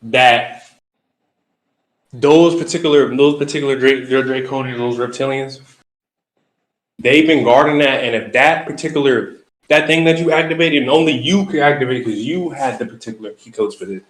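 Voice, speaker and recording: Measured man in an echoey room. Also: mid-range voice. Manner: measured, halting, explanatory. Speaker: host interpreting dreams. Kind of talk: spiritual interpretation chat.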